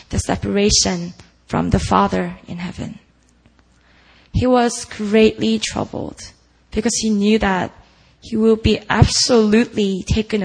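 A woman's voice: mid-range voice, vocal fry, low-quality recording. A woman preaching a sermon at a prayer meeting, earnest and full of rhetorical questions put to the listeners.

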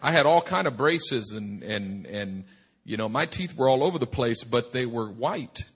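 A man preaching at a church retreat, telling a humorous personal story in an animated, rambling way full of restarts. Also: medium pitch, normal speed, husky. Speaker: pastor. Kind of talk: sermon storytelling. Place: retreat meeting hall.

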